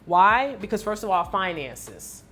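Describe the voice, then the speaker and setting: Woman fitness coach, candid vlog recap, expressive and emotional delivery, mid-pitched voice. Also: a little slow, soft background music. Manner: emotional, expressive storytelling with many fillers.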